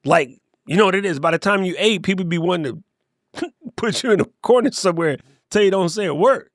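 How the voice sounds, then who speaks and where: A middle-aged man giving an energetic, conversational motivational talk to camera, with playful asides. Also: high voice, brisk, no echo, clean studio sound. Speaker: YouTube creator and coach.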